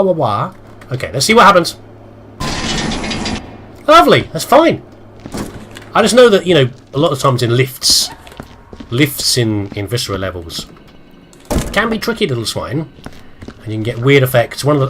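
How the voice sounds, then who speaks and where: A man's voice: mid-range voice, a bit bright, slight background noise. A British man chatting his way through a video game, rambling and poking fun at himself as he plays. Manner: chatty, self-deprecating, talks to himself while playing. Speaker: let's play host. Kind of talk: rambling gameplay commentary.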